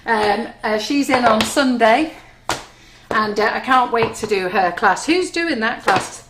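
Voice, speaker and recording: In an echoey kitchen studio with faint noise, a woman with a fairly high voice hosts a live cake decorating demonstration at a slightly slow pace. She's chatty and giggly, often making fun of herself as she talks through the cooking.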